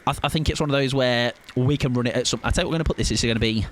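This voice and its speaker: A man's voice: mid-range voice, rapid-fire, a little hiss or hum. A man in his late twenties, streaming a game live and chatting with his viewers in a playful, argumentative way, repeating words to test them out. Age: late 20s. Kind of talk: casual live-stream chat.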